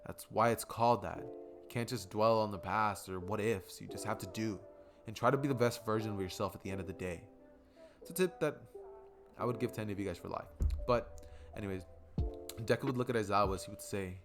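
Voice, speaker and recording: A man narrates a fan story in a casual, rambling style, full of fillers. His voice sits a bit low. Guitar music runs clearly beneath him. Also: fairly quick.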